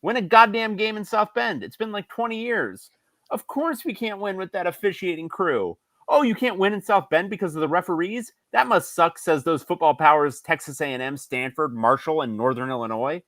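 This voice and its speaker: Brief: whiny male fan ranting, pitched high and complaining, put on by a podcast host. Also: expressive, moderate pace, fairly bright tone, no echo. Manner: whiny, exasperated rant.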